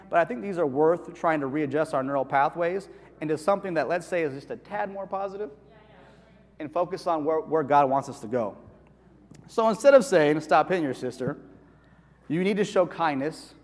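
A man preaching a conversational sermon in a church, animated and asking the congregation questions. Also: on the high side. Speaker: pastor. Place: church hall. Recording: reverberant church hall.

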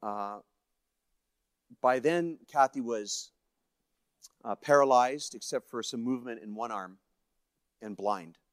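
A man's voice: medium pitch, dry recording, clean studio sound. A man from Canada, a guest speaker telling a personal story from his life, acting out the voices of the people in it. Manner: personal storytelling with acted-out quotes, swinging between hushed and lively. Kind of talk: storytelling sermon.

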